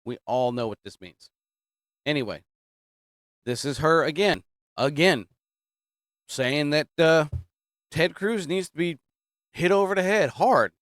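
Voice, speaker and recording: A man's voice: a little high, measured pace, long pauses, fairly bright tone, no echo, clean studio sound. A man hosting political commentary, talking casually and emphatically, repeating his points and drifting off topic. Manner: repetitive, emphatic, digressing.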